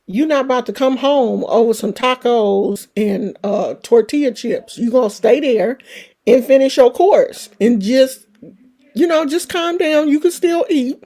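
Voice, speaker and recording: A woman's voice: sits high, measured pace, dark tone. A woman voicing God as a stern but loving fatherly figure who talks bluntly, scolding and reassuring her in turn.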